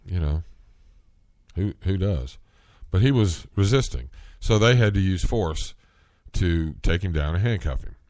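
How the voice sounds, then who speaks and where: Male podcast host, deep voice, dry close mic, slow earnest monologue. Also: expressive, a little mellow, no room sound. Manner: slow, rambling, earnest, rising in pitch when worked up. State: coughing, clearing throat. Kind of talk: solo commentary podcast.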